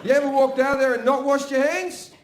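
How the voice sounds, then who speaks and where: A man's voice: very high voice, a little fast, slight background noise. An Australian man performing a crude stand-up routine, telling stories full of swearing and asides to a live audience. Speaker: stand-up comedian. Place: stage before a laughing audience. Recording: roomy live venue sound.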